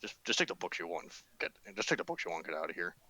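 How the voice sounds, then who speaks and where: A man voicing a burly, wary male shopkeeper in a casual tabletop game session, gruff and a little flustered. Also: fairly low pitch, fairly quick, fairly bright tone, natural voice. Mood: curt.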